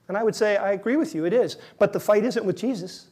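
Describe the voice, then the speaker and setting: Speaking fast with few pauses, this male pastor has a high voice that is a little mellow with a breathy edge. In his sermon he acts out a dialogue between himself and an imagined listener, giving the doubting side a raised, pleading voice.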